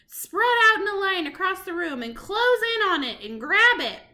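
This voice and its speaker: A woman voicing a vicious female witch leader who barks loud commands in a storybook reading. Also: very high voice, big pitch swings, moderate pace, pitched above the performer's own voice, heavily acted. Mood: commanding. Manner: barking commands.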